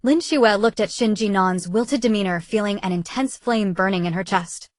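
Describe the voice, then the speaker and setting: A woman narrating a novel in an audiobook, in an even, steady storytelling manner. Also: medium pitch, moderate pace, hardly any pauses, no echo.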